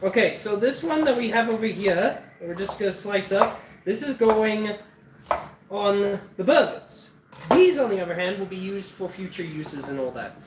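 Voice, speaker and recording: Cooking on a livestream, a man keeps up casual chatter, often laughing and cursing without restraint. He speaks at a moderate pace in a high, animated voice. The audio has a roomy echo, a distant mic and light background noise.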